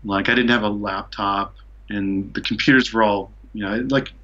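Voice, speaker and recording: A man's voice: fairly low pitch, steady tone, moderate pace, bright, forceful tone, dull audio. A man from Seattle telling a long travel story as a podcast guest, rambling with lots of "like" and "you know". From Seattle, USA. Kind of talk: casual storytelling.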